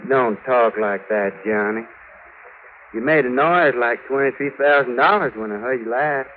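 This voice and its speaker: A man's voice: medium pitch, normal speed, phone-quality sound, slight background noise, lightly acted. A man playing a drunk, wheedling gunman who talks in a slurred drawl, in 1940s radio acting, on an old broadcast recording. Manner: sly, pleading, menacing.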